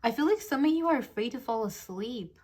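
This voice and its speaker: A woman's voice: fairly high pitch, expressive, fairly quick, noisy background. Young woman in her twenties, casual tarot reader, giggly, rambling, filler-heavy, phone on a desk mount. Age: 20s.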